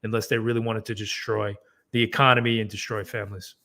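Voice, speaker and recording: Low-pitched man speaking reflectively. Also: level tone, fast talker, gravelly, bright, forceful tone. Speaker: podcast co-host. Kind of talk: casual podcast discussion.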